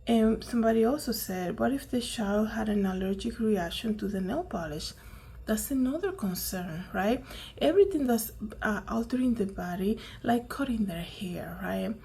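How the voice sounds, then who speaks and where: A woman vents her indignation in loose, casual commentary, leaning on "um" and rhetorical "right?". Her voice is husky and dark, with a gravelly creak. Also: medium pitch, animated, normal speed. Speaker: commentary vlogger.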